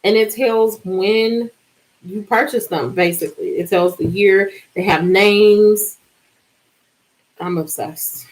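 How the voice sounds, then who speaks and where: A woman in her forties hosts a relaxed live stream and chats directly with her viewers. She tells her stories in an animated way and draws out words for emphasis. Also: medium pitch, rough recording. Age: 40s. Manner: animated, chatty storytelling with drawn-out words. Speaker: livestream host.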